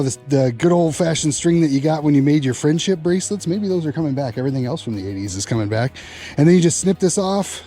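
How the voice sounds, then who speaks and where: Fishing guy on a lake boat talking to his channel, kinda high voice, gets real hyped, soft music underneath. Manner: excitable, gets loud and high when a fish bites. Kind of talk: casual fishing vlog narration.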